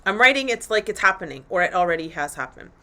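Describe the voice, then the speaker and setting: Blunt, bright-voiced woman coach. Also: fairly low pitch, animated, fast talker. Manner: blunt, profane and candid. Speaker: coach and podcast host. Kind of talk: motivational solo talk.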